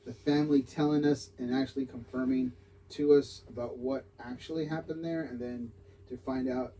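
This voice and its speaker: A man paranormal investigator recounting a case in a casual interview, halting and repeating his words. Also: medium pitch, steady tone, mellow, poor audio.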